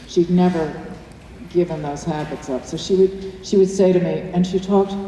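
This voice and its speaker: An older actress answering audience questions in a chatty, anecdotal way, laughing often at a screening Q&A in a cinema. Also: female voice, lowish voice, fairly even intonation, moderate pace, mellow. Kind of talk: post-screening Q&A. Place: cinema auditorium. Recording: echoey hall from far off, faint room noise.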